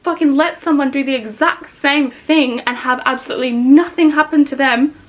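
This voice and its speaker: A young woman, a content creator, in a candid vlog rant, frustrated and swearing often, swinging into loud outbursts. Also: high voice, moderate pace.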